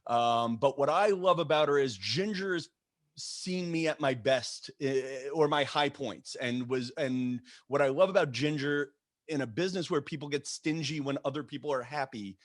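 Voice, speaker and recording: A man hosting a casual podcast over a remote call, talking in a halting way with many stumbles and restarts. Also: mid-range voice, no echo. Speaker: podcast host.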